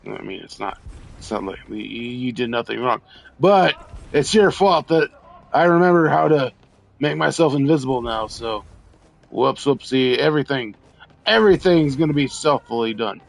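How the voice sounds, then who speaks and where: A man's voice: medium pitch, animated, normal speed, gravelly. A man streaming a video game while drunk, rambling and stammering, swearing at enemies as he plays. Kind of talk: casual drunk gameplay commentary.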